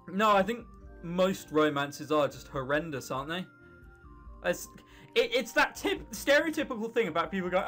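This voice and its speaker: A woman doing casual game commentary, full of sarcasm and swearing. Her pitch swings widely as she talks, and faint music plays behind her. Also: lively intonation, normal speed, a bit bright. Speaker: let's-play host.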